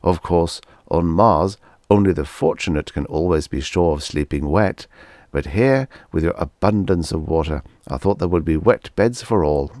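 A man's voice: deep voice, moderate pace, a little mellow, no room sound, studio quality. A man voicing a polite, cheerful male Martian visitor who speaks in an earnest, formal, apologetic way.

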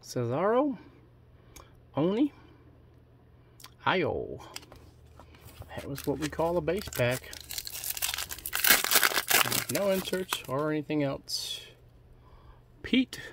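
A man's voice: fairly high pitch, big pitch swings, extremely slow, long pauses, noisy background. A middle-aged man giving casual, joking running commentary while opening trading card packs. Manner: chatty, offhand running commentary with jokes. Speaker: card collecting YouTuber.

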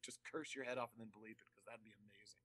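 A man who plays in a band, a guest on a podcast, talking in a casual, animated way with frequent laughs. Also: fairly low pitch, slightly rough, no echo. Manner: animated, laughing, quick asides.

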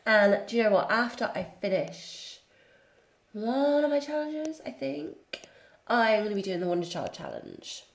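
Gushing young woman, lively pitch. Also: moderate pace, roomy sound. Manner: gushing, excitable, cooing baby talk. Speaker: gaming YouTuber. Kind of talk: let's-play commentary.

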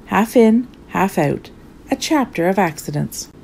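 A woman reading a storybook as a clumsy, cheerful male character, telling his own tale of mishaps in a lively, rueful way. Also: medium pitch, a little slow, vocal fry, a little hiss or hum.

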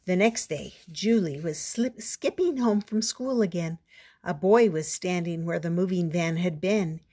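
A woman's voice: fairly low pitch, unhurried. Older woman reading a picture book aloud. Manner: expressive, playful storytelling. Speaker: storyteller.

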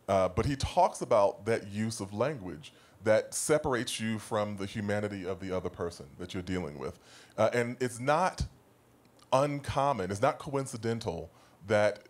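A man speaking as a panelist in a live discussion, explaining points in a measured, scholarly way. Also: on the low side.

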